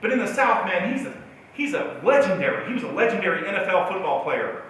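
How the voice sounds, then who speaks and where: A man's voice: sits high, big pitch swings, fast, fairly bright tone, slight background noise. A male motivational speaker telling a self-mocking personal story at a keynote talk in a large auditorium. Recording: echoey hall from far off.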